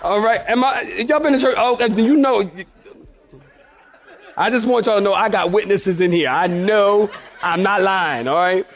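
Male pastor with a high voice, playful storyteller in the pulpit. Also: moderate pace. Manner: playful, laughing often, talks to the congregation. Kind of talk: humorous storytelling sermon. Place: church in front of a congregation.

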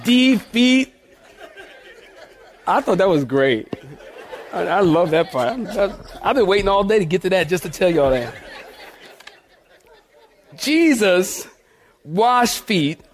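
A man's voice: high voice, lively intonation, unhurried, pauses often, some chatter behind. A man preaching a sermon, telling jokey stories and laughing often as he talks to the congregation. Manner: joking storyteller, laughs often, addresses congregation as y'all. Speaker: pastor.

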